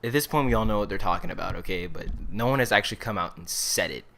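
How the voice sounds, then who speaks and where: A man's voice: fairly low pitch, expressive, fast, sharp tone. A young man in his late teens telling a story in a casual, rambling way, with lots of fillers. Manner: rambling, filler-heavy "like" delivery. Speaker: vlogger.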